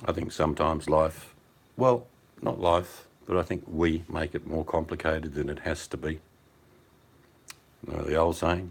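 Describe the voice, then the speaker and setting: Deep-voiced and a bit breathy, this older Australian bloke talks at a moderate pace in easygoing, meandering banter. He's joining a casual hangout chat by video call on his phone over mobile data, sitting at home near the fireplace.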